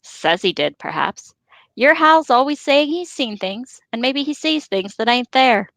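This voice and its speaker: A woman's voice: high voice, animated, unhurried, creaky, fairly bright tone, no echo, exaggerated voice. A woman voicing a skeptical young male hobbit in a put-on rustic voice while reading aloud. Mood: scoffing. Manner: scoffing and dismissive. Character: grumpy skeptical male hobbit miller's son.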